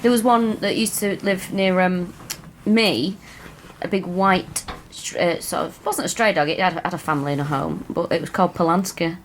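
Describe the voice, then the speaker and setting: A woman's voice: on the low side, normal speed, a little hiss or hum. A woman co-hosting a comedy podcast, joking along in an easy chat. She laughs often and drops chatty asides into the conversation.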